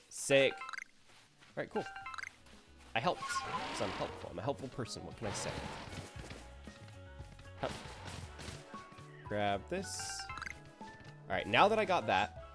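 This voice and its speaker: A man streaming a video game and commenting casually, chatty and joking as he talks to the characters on screen. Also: medium pitch.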